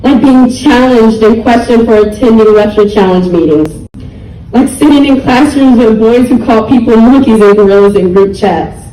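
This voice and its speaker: A young woman delivers an earnest, pleading public speech, heavy with emotion. Her voice is dark and mellow, and it sounds roomy and far from the mic. She speaks with the weight of someone close to tears. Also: fairly high pitch, moderate pace, slight background noise. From United States. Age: young adult. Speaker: speaker at a community rally.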